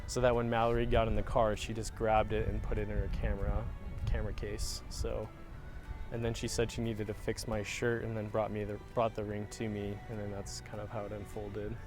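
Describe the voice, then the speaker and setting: A young man, a groom-to-be, speaking in a wedding video interview, soft-spoken and halting with many fillers. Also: lowish voice, monotone, over music. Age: young adult.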